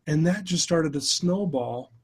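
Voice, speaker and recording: A middle-aged man, a guest life coach, telling his story in an animated, conversational way during a podcast interview. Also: a little high, a little slow, slightly rough. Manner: animated storyteller who addresses the host by name.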